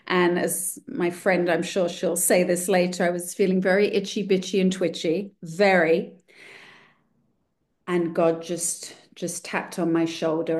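A woman's voice: on the low side, darkish tone. A woman telling her own recovery story at a meeting, candid and self-mocking with dry humor. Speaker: speaker sharing a recovery story. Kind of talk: personal testimony at a recovery meeting.

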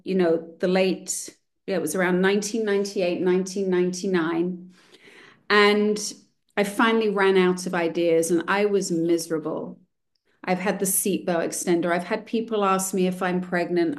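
Woman, recovery-meeting speaker, candid, dry self-deprecating humor. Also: mid-range voice. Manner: candid, wry and self-mocking. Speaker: speaker sharing a recovery story. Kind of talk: personal testimony at a recovery meeting.

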